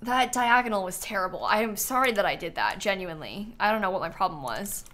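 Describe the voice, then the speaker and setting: Young woman streamer, chatty and gushing, keeps repeating herself, normal middle pitch. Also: expressive, fast, pushed and bright. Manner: chatty and enthusiastic, trails off and repeats words. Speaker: streamer touring viewer builds. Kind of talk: casual live-stream commentary.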